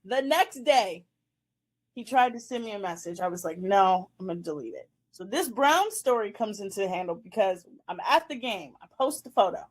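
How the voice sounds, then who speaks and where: A woman's voice: mid-range voice, lively intonation, normal speed. A woman in her twenties hosting a casual chat show, animatedly telling a dating story and acting out the scenes. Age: 20s. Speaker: host.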